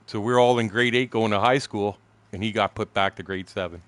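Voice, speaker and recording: A man in his sixties telling profane stories casually while streaming a fishing game, acting out shouted quotes. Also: lowish voice, brisk, no room sound. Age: 60s. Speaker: gaming streamer. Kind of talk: casual storytelling while gaming.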